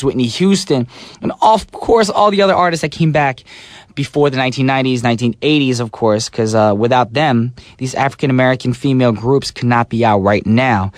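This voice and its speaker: A man's voice: mid-range voice, no room sound. A man hosting a pop radio show from a studio, talking with playful, slangy energy. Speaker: radio DJ and host. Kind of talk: radio DJ chat. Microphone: studio microphone.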